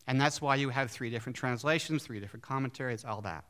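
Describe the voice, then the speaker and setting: Bright-voiced, animated male preacher. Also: mid-range voice, fast talker. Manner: animated, asks the audience questions. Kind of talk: sermon.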